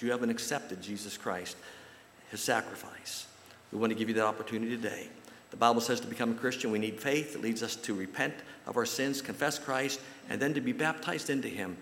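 A man's voice: mid-range voice, brisk, a little hiss or hum. A man from the United States preaching a sermon and telling a personal story in a folksy way. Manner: folksy storytelling, animated when quoting others. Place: church sanctuary. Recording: roomy echo with long hall reverb.

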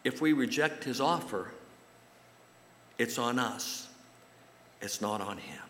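Slow and mid-range, with a little hiss or hum, a man from the US preaches a sermon built around a folksy personal story. Quoting others makes him animated, and the church sanctuary lends a roomy echo and long reverb.

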